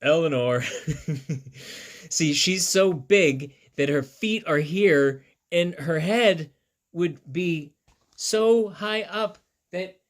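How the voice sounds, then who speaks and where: Speaking in a high-pitched voice at an extremely slow pace, a school teacher reads a picture book aloud to children. He chats with them directly along the way, tossing in playful asides and counting along.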